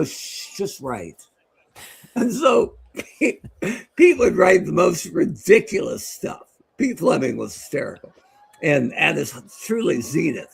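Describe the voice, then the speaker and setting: Telling stories and calling a game on a podcast he co-hosts, a middle-aged man speaks in a higher, creaky, slightly rough voice. The conversation is casual and animated, and he laughs often.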